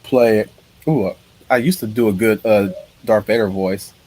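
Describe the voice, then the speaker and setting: A man's voice: lowish voice, normal speed, a little mellow, slight background noise. A man hosting a casual live stream, telling his ideas in an eager, rambling way. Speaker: streamer host.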